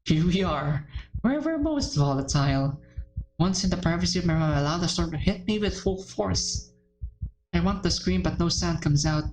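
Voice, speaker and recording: A woman's voice: on the low side, lively intonation, moderate pace, darkish tone, poor audio. A woman hosting a let's play, reading a visual novel's text aloud and breaking off with shocked, emotional reactions and gasps. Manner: emotional, gasping and swearing in shock between read passages.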